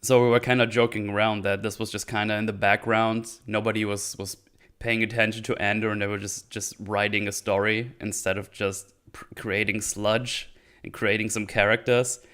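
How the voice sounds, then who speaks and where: A man's voice: on the low side, little pitch movement, moderate pace, fairly bright tone, clear, resonant tone. A man giving casual livestream commentary on a TV show, rambling and hesitant as he thinks aloud. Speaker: streamer reviewing a TV show.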